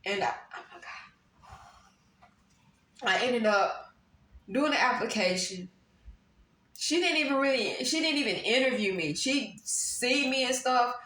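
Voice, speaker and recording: A woman's voice: medium pitch, fairly bright tone. A woman giving a casual tarot reading to her viewers, talking emphatically and repeating phrases for stress. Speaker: tarot reader. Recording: roomy echo, faint background noise.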